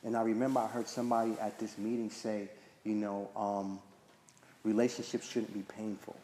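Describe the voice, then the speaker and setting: A man's voice: on the low side, flat delivery, moderate pace, dark tone. A man telling a personal story at a recovery meeting in a casual, chatty way, often asking "right?" and filling with "like". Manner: conversational, frequent "right?" and "like" fillers. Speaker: speaker sharing at a recovery meeting. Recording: echoey hall with faint noise.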